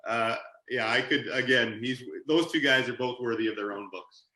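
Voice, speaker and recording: A man with a bright, forceful voice tells stories at an animated clip, now and then laughing as he goes. He sounds like a guest on a casual podcast, and the sound carries a roomy echo. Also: mid-range voice, moderate pace. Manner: animated anecdote-telling, laughs mid-story. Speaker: podcast guest, author and sportscaster. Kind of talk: casual storytelling interview.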